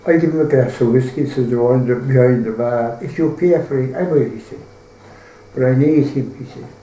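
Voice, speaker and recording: A man's voice: medium pitch, normal speed, warm tone, reverberant, a little hiss or hum, low-quality recording. An Irish man telling a folk tale in a rambling, colloquial way, full of swearing. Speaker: storyteller.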